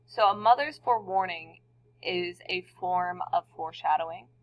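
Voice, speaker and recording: A woman's voice: lowish voice, normal speed. A woman teacher giving a recorded lesson to her students in a conversational way, asking the class questions. The recording sounds dull and lo-fi.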